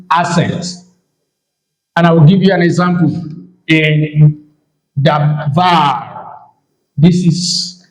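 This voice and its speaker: Slow, high-voiced man teaching in an echoey room. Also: darkish tone. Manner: deliberate, repeats key terms, pauses between phrases. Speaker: pastor teaching Hebrew. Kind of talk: slow classroom lecture.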